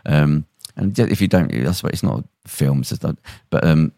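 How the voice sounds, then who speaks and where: A man hosting a podcast, retelling a story in a lively, casual way and acting out the quotes. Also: rumbling low, normal speed, creaky, no room sound, clean studio sound. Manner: animated retelling with acted-out quotes. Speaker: podcast host.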